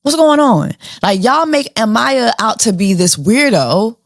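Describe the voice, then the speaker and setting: A woman's voice: on the high side, very animated, a little slow, no echo, clean studio sound. A woman hosting a casual reality TV recap, sassy and slangy, firing off rhetorical questions. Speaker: show host.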